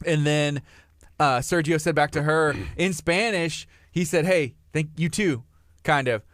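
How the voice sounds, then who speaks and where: A man's voice: fairly high pitch, unhurried, dry recording, clean studio sound. A man in his thirties co-hosting a morning radio show, chatting casually and teasing his partner. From Texas. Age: 30s. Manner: teasing, chatty, rising to excited emphasis. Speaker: radio co-host. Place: radio studio.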